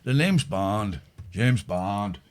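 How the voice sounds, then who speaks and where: A man's voice: on the low side, lively intonation, voice pushed down. A man doing a smug suave secret agent. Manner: slow, self-satisfied impression. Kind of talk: comic impression.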